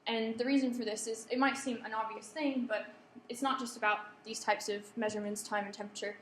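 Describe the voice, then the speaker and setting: A woman's voice: fairly high pitch, steady tone, fairly quick. A woman giving a lecture to students, often checking in with the room and polling the audience. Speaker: workshop presenter. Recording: echoey room, faint background hum.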